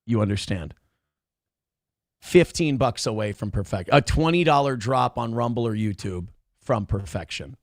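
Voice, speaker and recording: A man hosting a live online show, talking casually and excitedly, cursing freely while thanking viewers for donations. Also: mid-range voice, moderate pace, no room sound, clean studio sound. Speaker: livestream show host.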